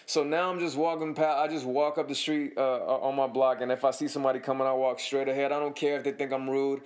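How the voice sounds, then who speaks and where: Man in his thirties, podcast guest, casual chat, profane animated storyteller, mid-pitched voice. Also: fast talker, few pauses. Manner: profane, animated storyteller who acts out other people.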